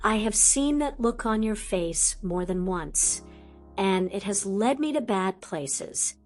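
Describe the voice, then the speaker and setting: A snappish, exasperated teenage boy wizard, voiced by a woman narrator, curt and wary. Read slowly, as in an audiobook. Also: mid-range voice, expressive, faint music behind.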